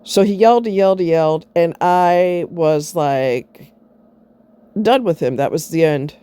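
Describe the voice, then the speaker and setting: Middle-aged woman ranting about an ex-friend, blunt and sarcastic, warm low-key tone. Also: measured pace, clear, resonant tone. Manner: blunt, sarcastic, swears freely. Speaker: vlogger. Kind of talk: blunt storytelling monologue.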